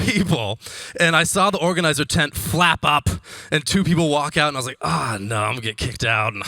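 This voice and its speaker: Young man, comic storyteller, from iowa, bright, dry mic sound, lively. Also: fairly high pitch, dry recording. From Iowa, United States. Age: young adult. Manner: animated, laughs often while telling stories. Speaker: comedian. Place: conference stage.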